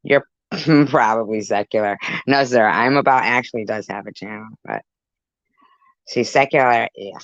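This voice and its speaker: A woman's voice: extremely low pitch, moderate pace, no room sound. A woman hosting a casual livestream, reading chat comments aloud, laughing often and teasing viewers with crude, disgusted reactions. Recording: dull lo-fi sound.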